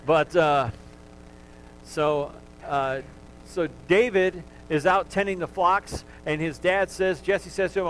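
A man's voice: sits high, steady tone, slow, fairly bright tone, a little hiss or hum, rough recording. A male pastor preaching a sermon, talking to the congregation in a conversational way and joking with them.

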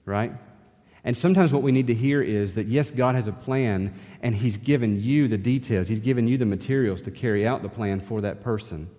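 A man's voice: on the low side, brisk, warm tone. A man, preaching a sermon as pastor in a conversational style, often asking the congregation rhetorical questions. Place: church sanctuary. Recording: long hall reverb in a church.

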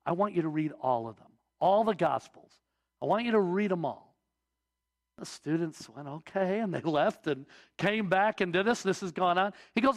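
High-voiced pastor preaching with emphatic build-ups. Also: male voice, a little fast. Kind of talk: sermon.

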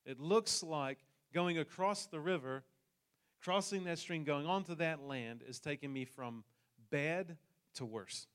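A man's voice: on the high side, unhurried, fairly bright tone, clean tone. A man from New Zealand with a New Zealand accent, telling a personal story in a sermon with jokes for the congregation. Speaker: pastor.

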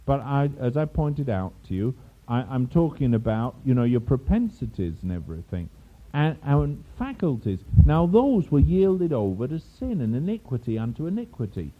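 A man's voice: medium pitch, normal speed. An older man from England preaching a sermon, telling a story with asides and chuckles along the way. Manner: storytelling with asides and laughs, animated. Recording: tinny phone-like sound.

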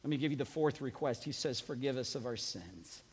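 A man preaching a sermon as a pastor, calling on the congregation to repeat after him and swinging from quiet asides to shouted emphasis. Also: medium pitch, lively intonation, brisk, husky. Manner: preaching with call-and-response to the congregation. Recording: long reverb of a large hall.

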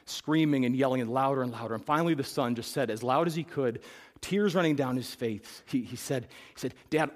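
A middle-aged male pastor with a medium-pitched voice preaches a sermon in a church sanctuary, building to loud, emphatic peaks before easing into soft, reflective storytelling. The hall's long reverb carries his voice.

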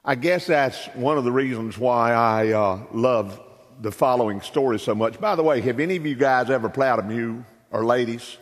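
A man preaching a sermon, easygoing and conversational, with plenty of "uh"s as he goes. His voice sits at an ordinary middle pitch. It rings with the long reverb of a church sanctuary. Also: normal speed. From South Carolina. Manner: folksy, conversational, frequent "uh" fillers. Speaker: guest preacher. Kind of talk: sermon with folksy storytelling.

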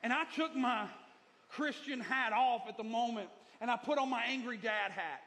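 A man's voice: very high-pitched, moderate pace, fairly bright tone. A middle-aged male pastor preaching a sermon, emphatic and repetitive, moving between lessons and personal stories.

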